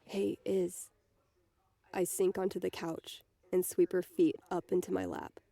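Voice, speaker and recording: A woman reading a novel aloud in the first person, softly voicing the dialogue as she goes. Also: lowish voice, level tone, normal speed, dry recording. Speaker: reader.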